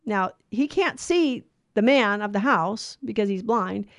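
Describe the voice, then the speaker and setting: A woman telling a moral story in a casual, animated way, acting out the characters' lines. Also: mid-range voice, measured pace, no echo, clean studio sound. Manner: animated, acts out the lines, many restarts.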